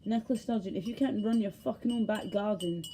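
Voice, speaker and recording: Swearing Scottish woman with a dark voice. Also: mid-range voice, a little fast, a little hiss or hum. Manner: heated, swearing, rambling with self-interruptions. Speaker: vlogger. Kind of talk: casual ranting monologue to camera.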